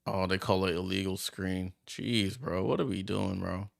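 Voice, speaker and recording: Gravelly low-voiced man calling a game. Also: normal speed. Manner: chatty and excitable, reacting aloud to plays. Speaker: watchalong host. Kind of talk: casual live play-by-play commentary.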